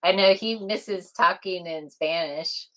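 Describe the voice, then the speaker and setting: A woman's voice: fairly low pitch, slow pace, sharp tone, rough recording. A woman from the US West Coast co-hosting a casual live chat, giggling and teasing playfully. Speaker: co-host of a live chat stream.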